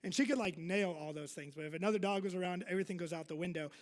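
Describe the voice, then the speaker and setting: In a church hall with a big-room sound, a male pastor with a high voice talks very fast, giving his congregation a casual sermon. He's chatty and self-deprecating, full of fillers and asides.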